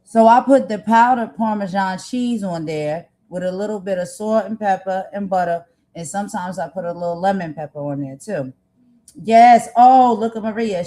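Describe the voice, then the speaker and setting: Woman, live-stream cooking host, informal, rambling, mid-pitched voice. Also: dark tone. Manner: chatty and informal, reads viewer comments aloud; rambling with frequent filler phrases. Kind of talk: casual live-stream chat.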